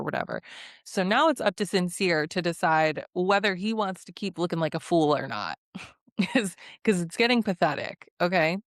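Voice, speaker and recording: Young woman, low-pitched, casual recap vlogger, sassy and laughing, dry close recording. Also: fairly bright tone, clean tone, no echo. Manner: sassy, opinionated, laughs often between remarks. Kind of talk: casual reality-show recap.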